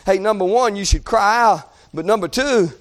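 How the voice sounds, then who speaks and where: A male preacher delivering a fervent sermon, swinging from shouted pleas to low, quiet passages, in folksy, informal phrasing. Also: moderate pace.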